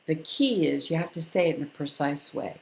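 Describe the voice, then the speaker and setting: An older woman, a longtime parenting educator, giving a calm, firm and instructive lesson to camera with deliberate pauses. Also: sits low, vocal fry, roomy sound, slight background noise.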